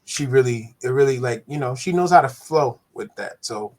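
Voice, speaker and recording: A man's voice: mid-range voice, expressive, moderate pace, darkish tone. A man co-hosting a podcast, talking in a playful, laid-back way. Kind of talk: casual podcast chat.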